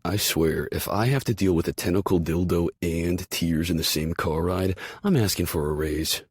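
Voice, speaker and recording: Deep, husky man narrating dryly. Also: normal speed, no room sound. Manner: dry, wry, sardonic inner monologue. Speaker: audiobook narrator. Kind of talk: first-person audiobook narration.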